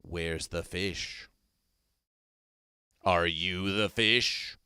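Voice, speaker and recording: A man's voice: sits low, steady tone, extremely slow, pushed and bright, clean tone, no room sound, clean studio sound. A man hosting an absurdist comedy stream, making grandiose, repetitive, mock-solemn proclamations. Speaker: comedy performer. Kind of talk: absurdist livestream chat.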